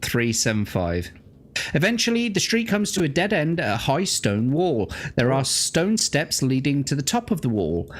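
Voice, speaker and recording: Lively man reading a gamebook. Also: a little high, normal speed. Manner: swears casually, laughs often. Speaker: host and gamebook narrator. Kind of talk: reading a gamebook aloud with banter.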